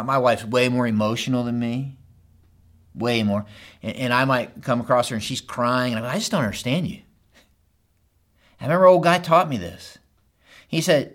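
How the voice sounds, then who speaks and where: A middle-aged pastor preaching a sermon, talking straight to the men in the congregation and swinging between loud urging and hushed asides. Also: male voice, mid-range voice. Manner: talks straight to the men in the crowd.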